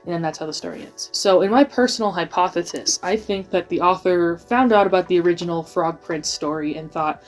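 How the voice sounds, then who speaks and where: A woman's voice: lowish voice, a little fast, faint music behind. A woman giving a rambling, casual video essay, full of filler words.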